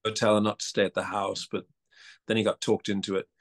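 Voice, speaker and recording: A man's voice: lowish voice, quick pace. A male actor being interviewed, talking animatedly with stammering restarts, his accent a mix with an Australian tinge. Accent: mixed, partly Australian. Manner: animated, stammering restarts, laughs and mimics voices. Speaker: actor and guest. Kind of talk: casual interview chat.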